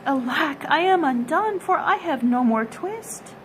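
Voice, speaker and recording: Woman putting on a worried poor old tailor, kinda high, mumbly and lamenting. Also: lively intonation, unhurried, a little hiss or hum.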